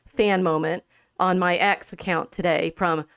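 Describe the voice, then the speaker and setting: A woman hosting a podcast in a casual discussion about literature. She talks in an animated way, laughs often and restarts her sentences. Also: on the low side, a little slow, clear, resonant tone, no echo, clean studio sound. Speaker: podcast host.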